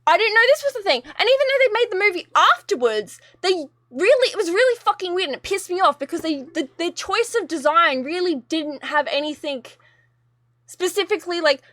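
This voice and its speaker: High-voiced woman ranting with swearing. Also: lively intonation, fairly quick, a bit bright, no room sound, studio quality. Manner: swearing, exasperated, rambling rant. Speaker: streamer. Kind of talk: casual ranting to a live chat.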